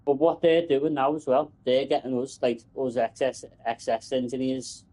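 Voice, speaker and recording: A man's voice: mid-range voice, flat delivery, moderate pace, warm tone, rough recording. A man, a telecom engineer, rambling and swearing in casual chat about his work.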